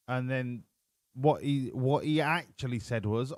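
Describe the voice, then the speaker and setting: A man's voice: mid-range voice, a little slow, no room sound, studio quality. A man live-streaming a racing game, chatting in a profane, rambling way. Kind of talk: casual live-stream commentary. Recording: with game music behind.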